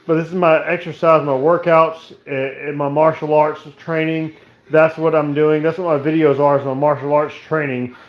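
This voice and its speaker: Relaxed, rambling man on a home livestream. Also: fairly high pitch, normal speed, highs cut off. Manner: relaxed, rambling, repeats "okay?". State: drinking, tipsy. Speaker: livestream host. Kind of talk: casual livestream chat. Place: living room at home.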